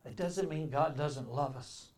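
A man delivers a sermon in a fairly high voice. He builds to loud, emphatic declarations, then drops into quiet, reflective passages. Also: a little slow. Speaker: preacher.

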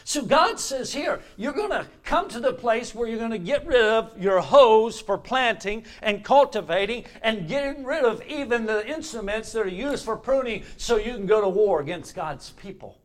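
Older preacher, folksy sermon. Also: male voice, sits high, animated, moderate pace, hardly any pauses. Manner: folksy storytelling with homespun asides. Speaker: pastor.

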